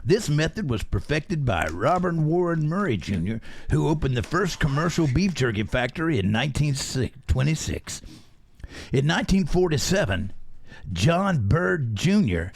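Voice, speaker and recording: A gravelly, drawling cowboy storyteller, as a man puts on the voice for a joke history reading. His pitch sits a little high and swings widely as he hams up each line. The delivery is folksy and mock-solemn. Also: sing-song, moderate pace, exaggerated voice.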